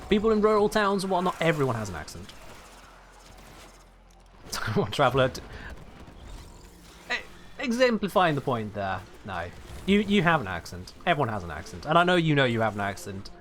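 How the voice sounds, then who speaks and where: British male game streamer, animated delivery, rambling casual chat, faint music under him. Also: mid-range voice, normal speed, pauses often. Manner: chatty, rambling, reads chat aloud and chuckles often. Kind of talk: casual live-stream chat while gaming.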